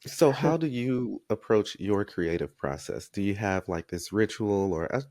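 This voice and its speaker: A man's voice: lowish voice, expressive, measured pace, darkish tone, dry recording, clean studio sound. A man hosting an interview, asking questions and reacting with short encouraging remarks. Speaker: interview host. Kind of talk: casual interview.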